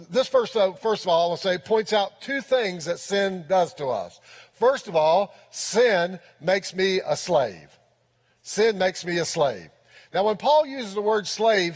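A high-voiced pastor preaches with emphasis, repeating key phrases to give his points weight. The church leaves a long, lingering reverb on his words.

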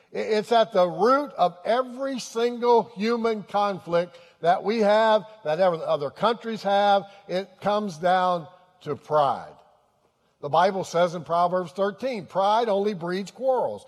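High-voiced man preaching in a hall. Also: lively intonation, unhurried. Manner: earnest, repeats phrases for emphasis. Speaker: pastor. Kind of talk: sermon.

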